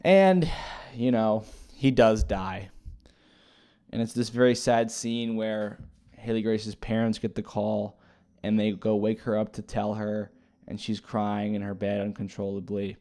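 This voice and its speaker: A man's voice: fairly low pitch, fairly even intonation, unhurried, dark tone. Rambling man recapping a movie. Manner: rambling, hesitant, lots of fillers and restarts. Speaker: movie reviewer. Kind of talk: casual spoken movie recap.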